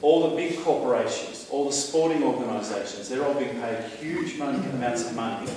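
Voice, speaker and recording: Speaking casually but emphatically to a live audience, an Australian man takes questions and tells stories like he's letting everyone in on a secret. His mid-range voice is brisk and slightly mellow. It's picked up from far off in an echoey hall, with a little hiss or hum.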